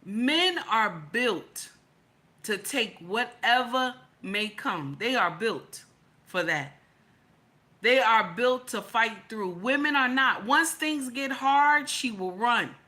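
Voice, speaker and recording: A middle-aged woman giving opinionated livestream commentary, blunt and preachy, with profanity sprinkled through. Her voice sits a bit high and rings bright and forceful. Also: lively intonation, takes it slowly. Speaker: livestream host.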